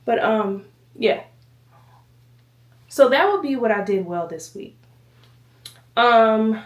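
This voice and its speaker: A woman's voice: a little high, lively intonation, slow, pauses often, highs cut off. Casual chatty woman talking to camera, kinda breathless, roomy echo, sounds a bit far off. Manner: chatty, rambling, addresses viewers as y'all. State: slightly out of breath. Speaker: vlogger. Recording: echoey room, voice from a distance.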